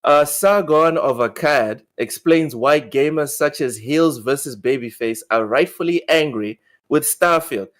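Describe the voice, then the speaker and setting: A man's voice: on the high side, measured pace, hardly any pauses. A man hosting a gaming podcast in casual chat, often repeating words as he talks. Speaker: podcast host.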